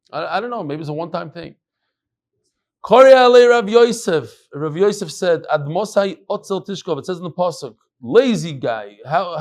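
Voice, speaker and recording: A middle-aged man, a rabbi, giving an animated Talmud lecture, moving between quoted Aramaic and chatty English asides. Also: medium pitch. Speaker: rabbi teaching a daily Talmud class.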